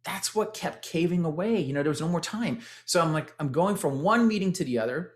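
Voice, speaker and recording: A man's voice: fairly high pitch, animated, brisk. A man in his forties with a Texan accent, telling his fitness story with energy to an audience he keeps calling "guys". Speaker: former tech executive sharing his testimonial. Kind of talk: motivational testimonial talk.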